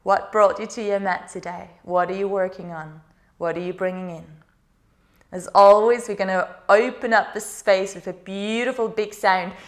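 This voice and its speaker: A woman teaching a yoga class, guiding breath and movement with soft, encouraging instructions. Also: mid-range voice, steady tone, normal speed. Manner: soothing, encouraging guidance. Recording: roomy echo.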